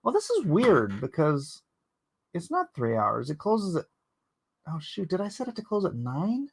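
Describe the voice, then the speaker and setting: A man's voice: high voice, wildly swooping pitch, unhurried, creaky, breathy edge, no echo. A man chatting casually with his viewers while he inks a drawing live, rambling and joking as he answers the chat. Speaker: artist streaming live while inking.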